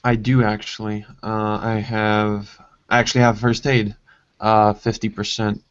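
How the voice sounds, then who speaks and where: A man's voice: fairly low pitch, flat delivery, unhurried, clean tone. A man playing a tabletop game, hesitant and stopping often to fill gaps. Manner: hesitant, many fillers. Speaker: player. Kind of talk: casual tabletop play. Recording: dull lo-fi dry recording.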